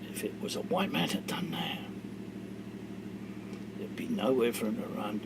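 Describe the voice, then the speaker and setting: A middle-aged man, ranting to camera in an angry monologue that swings from low mutters to shouting. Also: sing-song, moderate pace, long pauses, very noisy. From England. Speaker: vlogger.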